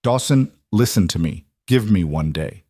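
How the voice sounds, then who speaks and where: A defiant widowed cowboy in a western audiobook, heated and accusing, his voice raised above the narrator's low one, as a male narrator plays him. Dry, close recording. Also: lively intonation, normal speed, warm tone, dry recording. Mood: urging.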